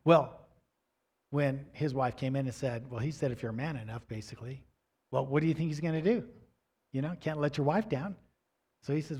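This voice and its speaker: An older man preaching a sermon, telling animated stories and acting out the people in them. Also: mid-range voice, normal speed, long pauses, husky. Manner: animated storyteller acting out quoted voices. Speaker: pastor. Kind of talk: sermon storytelling.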